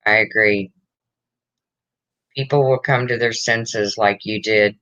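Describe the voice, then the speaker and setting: A woman's voice: extremely low pitch, steady tone, takes it slowly, fairly bright tone, dry recording, dull audio. Emotional woman hosting a livestream. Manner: emotional, reads chat comments aloud. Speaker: livestream host. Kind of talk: casual livestream chat.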